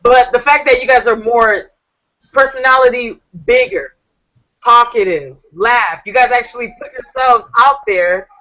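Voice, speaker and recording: Chatty lady host on a video call, bright sharp voice, playful teasing questions. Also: fairly high pitch, measured pace, poor audio. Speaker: talk show co-host.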